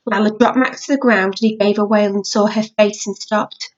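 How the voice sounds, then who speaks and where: A woman reading a children's novel aloud in a measured storytelling manner. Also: medium pitch, steady tone. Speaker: reader. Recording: dull lo-fi audiobook recording.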